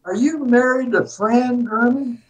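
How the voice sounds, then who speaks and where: An older man voicing a short, inquisitive little old woman with a Southern US accent, raising his voice into a high, sweet drawl. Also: fairly even intonation, unhurried, lo-fi sound. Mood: curious.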